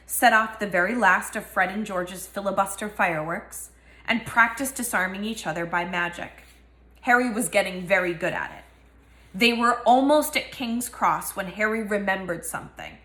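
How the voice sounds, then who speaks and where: A woman's voice: medium pitch, lively intonation, normal speed, bright, forceful tone, reverberant. A woman reading a novel aloud and giving each character a voice. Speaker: reader.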